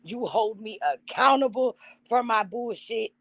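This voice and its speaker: A woman's voice: a little high, unhurried, vocal fry, no echo, poor audio. A woman hosting a live stream, giving a heartfelt tribute and talking straight to her chat. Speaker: channel host.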